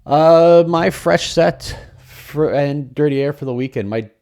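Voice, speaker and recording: A man's voice: a little high, measured pace, vocal fry, mellow. A man hosting a podcast on his own, talking casually with many fillers and restarts. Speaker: podcast host. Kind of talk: solo podcast commentary.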